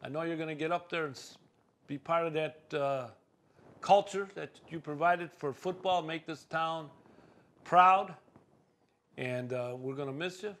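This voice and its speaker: A man hosts a small local talk show, chatting about hometown sports in a loose, rambling way. His voice sits a little high and rings bright and forward. He leans on fillers and restarts as he goes. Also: a little slow.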